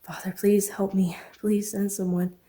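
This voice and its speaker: A woman's voice: mid-range voice, measured pace, creaky, warm tone. A woman reading a frightened, injured young woman in an audiobook, praying desperately and speaking weakly. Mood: desperate prayer. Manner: desperate praying, weak and shaky. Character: injured young woman in water, fearful and prayerful.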